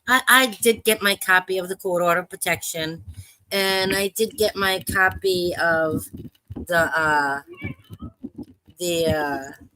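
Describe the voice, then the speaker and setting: A woman on a live panel discussion telling an urgent personal story in a halting way, with restarts and swearing. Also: on the low side, sharp tone, low-quality recording. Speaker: panel caller.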